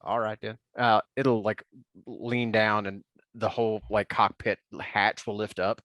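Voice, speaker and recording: A man's voice: on the low side, level tone, unhurried, a bit bright, dry recording. A man playing a tabletop game, describing his character's gear in a rambling way, full of fillers and restarts. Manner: rambling, filler-heavy with many likes and ums. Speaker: player.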